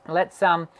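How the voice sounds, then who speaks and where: A middle-aged male voice teacher taking questions during a live online session. His voice sounds strained and worn as it recovers from dysphonia. He explains at length, often pausing on fillers and restarting sentences. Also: sits high, sharp tone.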